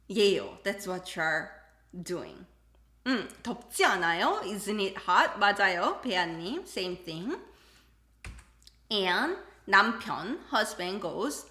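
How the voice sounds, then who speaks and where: A woman teaching a live-streamed language lesson, animated and acting out example dialogues as she switches between English and Korean. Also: medium pitch, moderate pace, reverberant.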